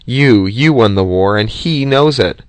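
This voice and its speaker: A man's voice: mid-range voice, animated, a little slow, no echo, lightly acted. A man voicing an angry, loyal young man who is fuming with indignation. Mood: indignant.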